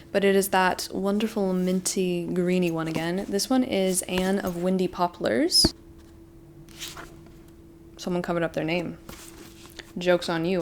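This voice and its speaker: A woman in her twenties chatting excitedly to camera as a book vlogger, gushing to her viewers like friends. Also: mid-range voice, a little hiss or hum. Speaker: book vlogger and book club host. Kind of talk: casual chat to camera.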